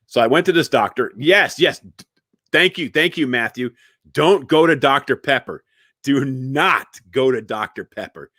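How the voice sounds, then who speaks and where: A man giving a casual comedic monologue, jokey and animated, repeating words and chatting with his viewers. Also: mid-range voice, fairly quick, no echo, studio quality. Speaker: inspirational online comedian.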